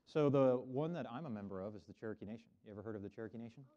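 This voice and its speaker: A man's voice: mid-range voice, rapid-fire, mellow. A middle-aged man, a minister giving a friendly children's sermon in a church and having the kids repeat words after him. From Oklahoma. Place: church sanctuary. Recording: dull lo-fi church recording.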